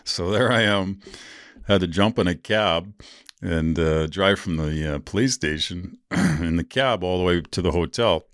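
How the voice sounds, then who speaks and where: A man with a very low voice and a dry, close sound talks casually on his podcast. He rambles through a candid story, swears freely and fills pauses with ums and uhs. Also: fairly bright tone, clean tone, no echo. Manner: rambling, candid and profane, with many fillers. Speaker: podcast host.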